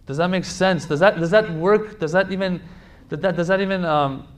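A man's voice: high voice, normal speed. Emphatic man giving a religious lecture. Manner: emphatic, repeats phrases for stress; speaks directly to listeners with pleading asides.

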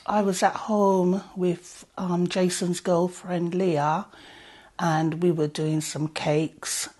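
A middle-aged woman tells her story slowly and softly, in a low, husky voice. She recounts events one small step at a time, as plain personal testimony. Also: level tone. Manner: slow, soft-spoken storytelling. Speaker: family member giving testimony.

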